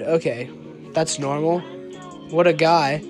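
A young man with a high-pitched voice rambles through a story, cursing freely and trailing off into fillers. Music plays clearly behind him. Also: fairly even intonation, unhurried, pauses often. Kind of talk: casual storytelling.

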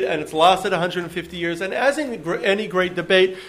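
A man's voice: high-pitched, a little fast, few pauses, a bit bright. A man giving a public lecture on Judaism to an audience, speaking with many ums and restarts. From United States.

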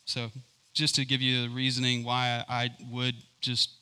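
Casual male preacher, keen and chatty, crisp bright voice, stumbles through fillers. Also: mid-range voice, monotone, a little slow. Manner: enthusiastic, rambling with many fillers. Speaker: Bible teacher. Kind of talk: informal Bible teaching.

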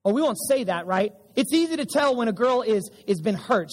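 High husky-voiced preacher in a reverberant hall. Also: male voice, lively intonation, brisk. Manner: emphatic preaching with repeated audience call-and-response. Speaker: pastor. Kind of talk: sermon. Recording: church sanctuary with long reverb.

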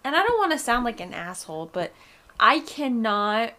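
A woman's voice: fairly high pitch, very animated, moderate pace, bright, forceful tone. A young woman co-hosting a podcast, talking casually in a blunt, candid way. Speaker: podcast co-host. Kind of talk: casual chat.

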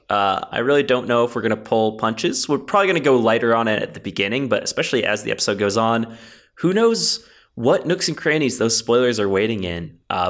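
Bright-voiced man, goofy podcast co-host. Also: medium pitch. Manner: goofy, laughs often, quick bursts. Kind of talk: casual comedic podcast chat.

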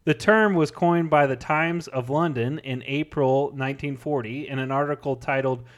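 A man's voice: medium pitch, normal speed. A man co-hosting a casual podcast, telling a history story with frequent laughs and fillers. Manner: laughs often, chatty and喜 animated. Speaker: podcast co-host.

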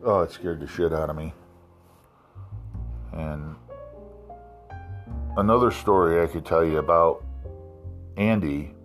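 A man from South Carolina casually telling a profane, animated anecdote. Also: sits low, slow, pauses often, faint music behind. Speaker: storyteller. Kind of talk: casual storytelling.

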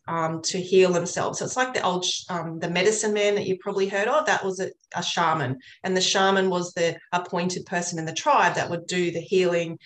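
A woman talking earnestly about her work as an energy healer, a chatty and rambling storyteller. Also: lowish voice. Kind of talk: casual interview chat. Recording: roomy echo.

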